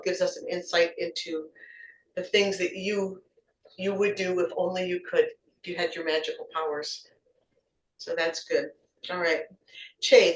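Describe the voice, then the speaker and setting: As table topics evaluator, a woman encourages the impromptu speakers at her club meeting, frequently repeating words as she works out what to say. Her medium-pitched voice comes from far off the mic, in an echoey room with a little hiss or hum.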